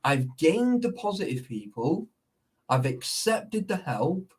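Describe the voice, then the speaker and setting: Man, talkative and profane, voice a touch high, keeps checking you're with him. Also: big pitch swings, slow, darkish tone, slightly rough, distant mic. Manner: sweary, rambling, keeps asking "you know what I mean". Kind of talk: casual chat.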